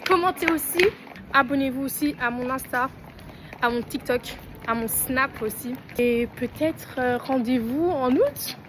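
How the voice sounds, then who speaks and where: Young belgian woman vlogging, chatty storyteller, slightly high voice, pokes fun at herself. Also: moderate pace, noisy background. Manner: chatty, self-deprecating, storytelling. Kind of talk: casual vlog chat. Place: home kitchen.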